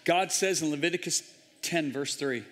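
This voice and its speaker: A man preaching a sermon, telling a story with intense drama and sudden loud bursts. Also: on the high side, moderate pace, very noisy. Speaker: guest preacher. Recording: hall reverb in a large church.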